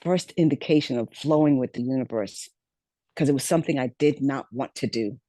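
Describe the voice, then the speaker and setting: Woman guest with a mellow, warm voice, dry sound; reflective storyteller who repeats phrases. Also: a bass voice, fairly quick, no room sound. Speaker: podcast guest. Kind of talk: storytelling interview.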